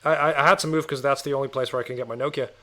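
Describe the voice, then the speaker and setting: A man's voice: mid-range voice, racing. A man hosting a podcast, telling stories in casual chat, laughing and swearing as he goes. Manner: animated storytelling, laughs, swears. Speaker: podcast host.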